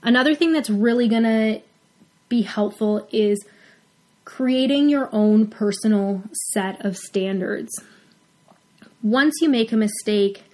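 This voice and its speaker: A woman's voice: mid-range voice, mellow. A woman veterinarian hosting a talk, speaking earnestly and at times emotionally as she encourages other vets. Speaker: host. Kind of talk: heartfelt advice talk.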